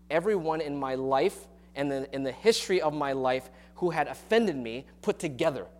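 A male pastor delivering a sermon to his congregation in church. His voice sits a little high for a man, and he speaks earnestly and confessionally, often stopping and restarting his sentences. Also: darkish tone.

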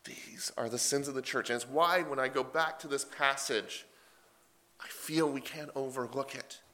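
A man preaching a sermon, retelling scripture in a casual, animated paraphrase. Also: medium pitch, moderate pace.

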